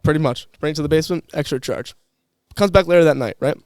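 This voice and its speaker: A man's voice: a little high, fast, darkish tone, clean tone, no echo, clean studio sound. A young man chatting casually on a podcast, telling rambling stories with restarts and laughs. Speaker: podcast guest, former employee. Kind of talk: casual chat.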